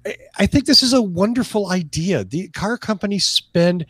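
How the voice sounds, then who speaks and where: A man's voice: sits high, animated, moderate pace, a bit bright, slightly rough, dry recording. A man co-hosting a podcast, chatting casually and joking, with hesitant restarts. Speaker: podcast co-host. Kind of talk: casual chat.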